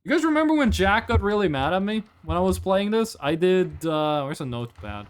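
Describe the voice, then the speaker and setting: Guy streaming a game, high voice, jokey and all over the place with chat. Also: brisk, smooth. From Norway. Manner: animated, joking, rambling. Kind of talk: live game stream chatter with viewers.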